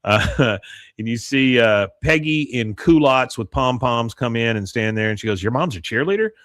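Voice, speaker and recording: A man's voice: mid-range voice, measured pace, a bit bright, no room sound. Chatty man recapping a show. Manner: chatty, laughs often, many uhs. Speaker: podcast host. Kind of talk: casual episode recap. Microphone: close mic, live stream.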